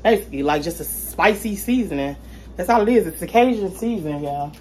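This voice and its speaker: Expressive and brisk, her fairly low, darkish voice comes through with a bit of hiss or hum. She's a vlogger making dinner in her home kitchen for a casual cooking video, chatting directly with viewers and repeatedly calling them "y'all."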